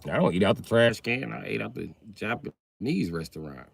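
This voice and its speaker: A man's voice: on the low side, lively intonation, moderate pace, vocal fry, husky, dry recording. A man hosting a livestream, ranting crudely and loosely in a comedic way. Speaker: livestream host. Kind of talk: profane comedic rant.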